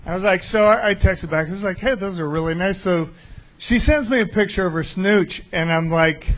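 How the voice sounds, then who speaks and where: High-voiced man doing crude stand-up. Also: a little fast, a little hiss or hum, poor audio. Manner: crude, confessional storytelling. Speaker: stand-up comedian. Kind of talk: stand-up set.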